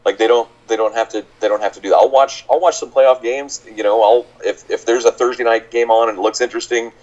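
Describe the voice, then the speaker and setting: A man's voice: mid-range voice, fairly even intonation, fast talker, darkish tone. A man co-hosting a podcast in casual chat, dry and sardonic, stammering on restarts. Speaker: podcast co-host. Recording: dull lo-fi sound.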